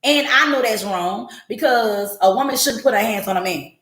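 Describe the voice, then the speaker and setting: In an echoey room with background noise, a podcast host in her forties delivers a casual monologue to a live audience. Her fairly high voice moves at a moderate pace as she talks bluntly, swears a lot, and animatedly acts out quoted voices.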